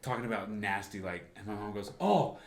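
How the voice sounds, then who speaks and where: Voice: low voice, steady tone, fast, fairly bright tone. A young adult podcast co-host telling family stories, breaking into laughter mid-story. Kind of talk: casual storytelling chat. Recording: echoey room with faint noise.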